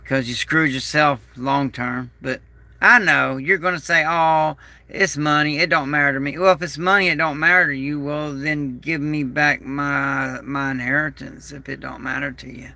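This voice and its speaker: A man's voice: mid-range voice, steady tone, moderate pace, creaky, sharp tone. A man vlogging a rambling personal monologue, aggrieved and bitter, repeating himself as he talks. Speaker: prepper vlogger.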